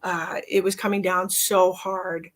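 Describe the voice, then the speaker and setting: A woman's voice: little pitch movement, unhurried, a little hiss or hum. A middle-aged woman hosting a live psychic reading stream, chatting casually to viewers and sometimes cooing at her cat. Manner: chatty, breaks into high-pitched baby talk calling her cat. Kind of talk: casual livestream chat.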